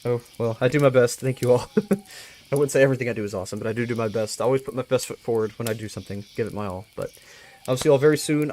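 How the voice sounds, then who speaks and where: A man's voice: medium pitch, darkish tone. Earnest, thankful man closing a live stream. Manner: earnest and thankful, with frequent restarts and repeated words. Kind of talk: casual live-stream sign-off.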